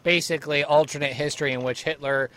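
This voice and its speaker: A man's voice: a little high, steady tone, quick pace, fairly bright tone. A man hosting a podcast, chatting casually and reminiscing with enthusiasm. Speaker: podcast host. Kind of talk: casual chat.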